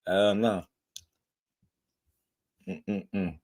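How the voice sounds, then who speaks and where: A man's voice: low-pitched, steady tone, drawn-out words, darkish tone. Laid-back man hosting a boxing show. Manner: laid-back slang, laughs often. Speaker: boxing channel host. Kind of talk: casual chat.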